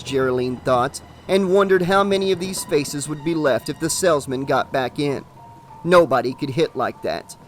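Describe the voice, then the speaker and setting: Male horror audiobook narrator, dramatic and even. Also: a little high.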